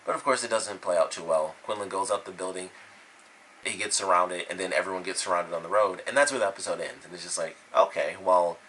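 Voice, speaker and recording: A man's voice: low voice, fast, a bit bright, a little hiss or hum, low-quality recording. A man giving a casual, rambling spoken review of a TV episode, retelling scenes with lots of fillers. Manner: rambling, enthusiastic, loose retelling with many fillers.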